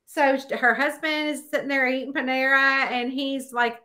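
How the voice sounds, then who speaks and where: A middle-aged woman in casual conversation, her voice bright and pitched a little high. She tells anecdotes with animated, acted-out quotes and many fillers. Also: moderate pace. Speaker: mystery author, host. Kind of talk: casual chat.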